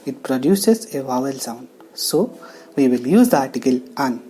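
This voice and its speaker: A woman teaching English grammar, talking slowly and explaining each step with pauses. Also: rumbling low, lively intonation, warm tone. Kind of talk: classroom lesson narration. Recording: faint background music.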